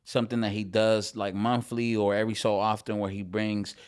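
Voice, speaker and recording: A man's voice: on the low side, level tone, fairly quick, clear, resonant tone. A man, a rapper guest on a podcast, talking in a laid-back way with many fillers and some swearing. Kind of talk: casual podcast chat.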